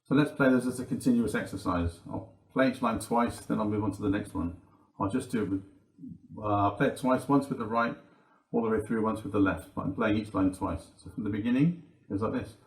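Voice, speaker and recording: Calm man counting beats in an echoey room. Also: lowish voice, a little fast. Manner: calm, counts beats aloud while playing. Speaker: percussion teacher. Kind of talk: instructional demonstration.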